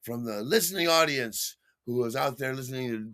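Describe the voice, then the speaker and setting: A man's voice: mid-range voice, fairly quick, few pauses, bright, forceful tone, no room sound, clean studio sound. A man hosting his own show, telling a story casually in a rambling way with frequent chuckles and repeated words. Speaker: podcast host.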